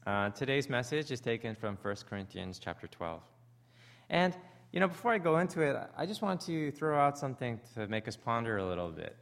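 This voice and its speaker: A man with a Canadian accent preaching a sermon, animated, acting out the voices he quotes. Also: medium pitch, fairly quick. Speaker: pastor.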